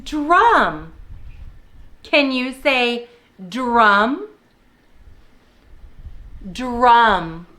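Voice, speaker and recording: A young woman leads a preschool lesson, coaxing small children along in a cheerful sing-song way. Her voice sits high and clear with a bright edge. She takes her time over each word, and everything comes out very slowly. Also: sing-song. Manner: slow, cheerful sing-song prompting for little kids. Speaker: preschool teacher.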